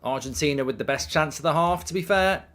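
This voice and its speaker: A man's voice: fairly high pitch, fast talker, a bit bright. Chatty man hosting a live stream. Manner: chatty, reads chat messages aloud, frequent ums. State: hiccups. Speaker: watchalong streamer. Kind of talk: casual live-stream chat.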